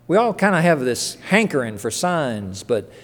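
Older male pastor, chatty sermon delivery, slightly higher voice, church hall reverb. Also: sing-song, moderate pace. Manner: conversational storytelling with asides.

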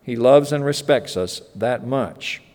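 A man preaching a sermon as pastor, earnest and emphatic, slowing down to stress key phrases. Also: mid-range voice, a little mellow. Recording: long reverb of a hall.

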